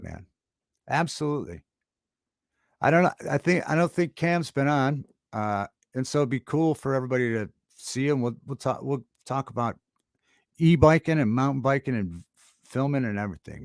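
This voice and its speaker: Halting, rambling male livestream host. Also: medium pitch, animated, gravelly, dry recording, clean studio sound. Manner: halting and rambling, many fillers and restarts. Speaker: livestream talk show host. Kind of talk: casual livestream chat reading viewer comments. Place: home studio.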